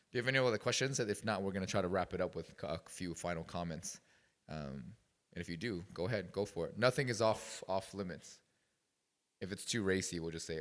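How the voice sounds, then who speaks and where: A man's voice: deep voice, in a large hall. A man speaking as a guest at a youth retreat, telling stories in a rambling, casual way with many fillers. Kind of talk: casual talk to a youth group. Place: retreat meeting room.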